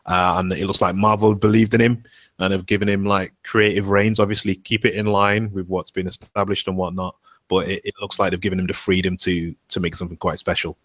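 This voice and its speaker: A young man speaking as a guest on a casual podcast, in a measured way with some fillers. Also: low-pitched, little pitch movement, a bit bright, dry recording.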